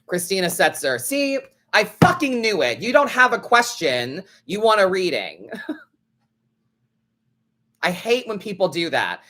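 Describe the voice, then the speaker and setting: A man's voice: sits high, huge pitch swings, a little slow, pushed and bright. A man hosting a live tarot stream, chatting casually in a blunt, sassy way and swearing freely. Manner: blunt, sassy, swears freely, acts out other people's lines.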